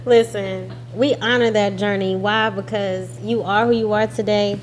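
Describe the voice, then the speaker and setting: A woman's voice: medium pitch, steady tone, measured pace, slight background noise. A woman hosting a casual interview, asking questions in an upbeat, affirming way. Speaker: interview host.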